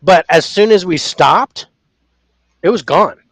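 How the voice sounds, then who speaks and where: A man co-hosting a casual paranormal podcast, telling a story with lively acted-out reactions. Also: high voice, slow pace, no room sound. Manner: animated storyteller, acts out his own reactions loudly. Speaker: podcast co-host.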